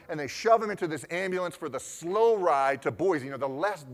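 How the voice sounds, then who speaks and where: A man in his forties giving a talk, telling lively stories and acting out the conversations he recounts. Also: on the high side, brisk. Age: 40s. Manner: lively anecdotal storytelling, acting out the dialogue he recounts. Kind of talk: storytelling talk. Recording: long hall reverb.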